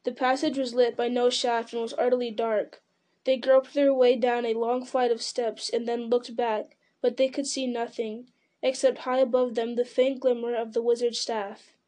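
A woman's voice: a little high, level tone, moderate pace, warm tone. A woman reading a fantasy novel aloud in dramatic storytelling style, with occasional slips and restarts. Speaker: reader.

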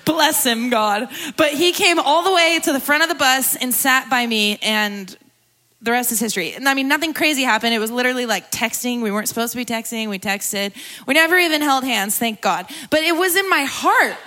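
A young woman gives a personal testimony at a church gathering, her voice bright and forward. She talks in a loose, conversational way, laughs easily, and sounds close to tears at times. Her pitch sits a little high. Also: fairly quick. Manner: candid, conversational, laughs often, tearful at times. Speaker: guest speaker at a church gathering.

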